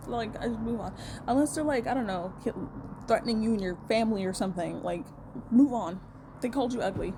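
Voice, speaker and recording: A woman's voice: medium pitch, noisy background. A young woman telling a personal story in a casual rant, blunt and heated, swearing a lot. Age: young adult.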